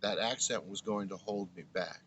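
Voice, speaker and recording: A man's voice: sits low, moderate pace, a bit bright, lo-fi sound, slight background noise. A man in his seventies, originally from Brooklyn, telling his story as an interview guest in an earnest, reflective way. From Brooklyn, New York. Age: 70s. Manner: earnest, reflective, restarts phrases often. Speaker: guest, former radio broadcaster.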